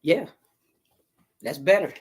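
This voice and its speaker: A woman's voice: low voice, takes it slowly, a little mellow, breathy edge. A woman chatting casually to viewers on a live stream, telling stories in a folksy, talkative way. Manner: chatty storyteller, talks straight to viewers, folksy phrasing. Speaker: vlogger doing a live stream.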